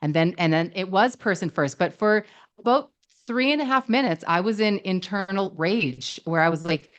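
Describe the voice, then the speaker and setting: A woman's voice: medium pitch, normal speed, lo-fi sound. A woman in her thirties co-hosting a relationship podcast as a therapist, telling stories in a casual chat, acting out quotes and restarting often. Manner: storytelling, animated quotes with many restarts. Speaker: relationship psychologist podcast co-host.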